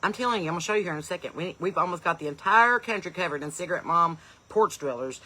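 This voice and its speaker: Bright, chatty woman. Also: mid-range voice, animated, a little fast, slight background noise. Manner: chatty, calls out place names loudly and eagerly. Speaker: comedian and podcast host. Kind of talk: live-stream chat, greeting viewers.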